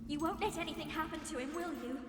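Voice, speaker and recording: A woman's voice: sits high, fast talker, lightly acted. An actress voicing a worried mother pleading for her lost son in a video game. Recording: game audio in long reverb with loud music.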